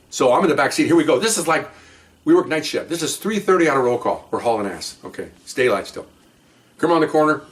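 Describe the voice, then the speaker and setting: An older man, a retired police officer, tells a story from his career in a casual, rambling way. He talks fast and his voice sits a little high. He gets animated and acts out what people said.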